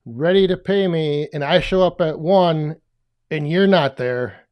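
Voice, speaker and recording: A man's voice: a little high, unhurried, muffled recording. A man co-hosting a casual podcast, talking in an easygoing way and chuckling often. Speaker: podcast co-host.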